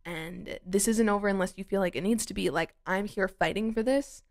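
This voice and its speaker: A woman's voice: mid-range voice, a little fast. Woman vlogger, mid-range voice, chatty and opinionated, says "like" constantly, swears casually while recapping TV. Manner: chatty, lots of "like", swears freely.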